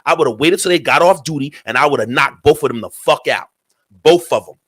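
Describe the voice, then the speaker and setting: A man's voice: fairly high pitch, brisk, a bit bright, husky. A man hosting a talk radio show, speaking in a heated, profane commentary and repeating his points.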